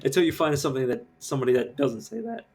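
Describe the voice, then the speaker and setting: Over soft background music, a gamer on a live stream rants fast and very animatedly in a medium-pitched voice with a darkish tone. It's casual commentary that rambles, full of curse words and filler.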